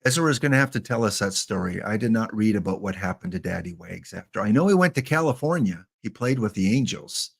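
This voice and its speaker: A man's voice: on the low side, lively intonation, quick pace, gravelly, hardly any pauses, slightly rough. A man casually hosting a game live stream, chatting and joking with viewers by name.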